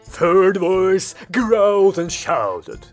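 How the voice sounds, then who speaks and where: A man's voice: sits high, big pitch swings, drawn-out words. A man narrating a comic audiobook in a wry storytelling manner over faint music.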